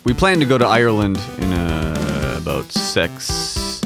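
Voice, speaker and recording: A man's voice: deep voice, big pitch swings, measured pace, vocal fry, over loud music. A man hosting a pinball podcast, rambling and swearing in casual solo chat. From United States. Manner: rambling, profane, self-mocking. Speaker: podcast host.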